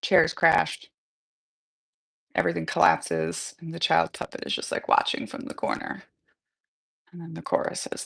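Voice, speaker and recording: A woman's voice: low voice, very animated, normal speed, creaky, pauses often, fairly bright tone, husky. A woman hosting a livestream, casually walking through a musical she wrote and reading its lyrics aloud between loose stage directions. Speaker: livestream host.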